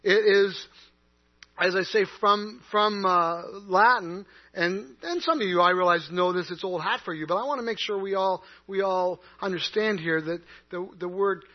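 A man's voice: high voice, moderate pace, highs cut off. A man preaching a sermon in a church, folksy and self-deprecating, often restarting his sentences. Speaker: pastor.

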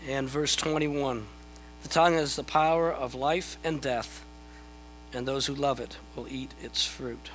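Bright-voiced pastor preaching. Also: male voice, a little high, a little slow, a little hiss or hum, rough recording. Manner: conversational, self-deprecating, repeats words when starting a thought. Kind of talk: sermon.

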